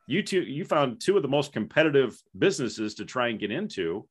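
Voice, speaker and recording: A man's voice: mid-range voice, very animated, a little fast, husky. Guy host of an interview show, laid back, asks loose leading questions. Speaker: podcast host. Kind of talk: conversational interview.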